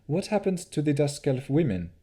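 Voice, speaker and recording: A man's voice: fairly high pitch, sing-song, moderate pace, mellow, slightly rough, voice pushed up. A man reading an audiobook, voicing an earnest young woman, a half-elf heroine who asks anxious questions. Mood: questioning.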